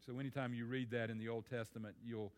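A man's voice: mid-range voice, little pitch movement, quick pace. A man preaching a sermon on a psalm in a conversational way, often repeating words as he thinks aloud.

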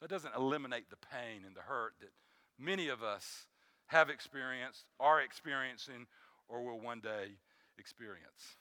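A man preaching a sermon as pastor, building emphasis with frequent restarts and dropping to a soft low voice on key phrases. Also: moderate pace, no room sound.

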